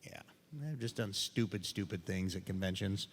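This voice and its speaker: A man's voice: low voice, moderate pace. A man telling jokey stories and taking audience questions at a convention panel, acting out the voices in his stories. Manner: animated, joking storyteller who acts out quoted voices. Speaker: voice actor convention panel guest. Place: convention panel room on a stage. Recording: reverberant hall.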